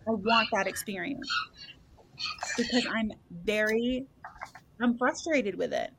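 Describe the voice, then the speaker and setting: A woman's voice: on the high side, takes it slowly, gravelly, very noisy. A woman hosting a casual podcast chat as a psychic reader, blunt and profane, laughing and acting out quotes from her sessions.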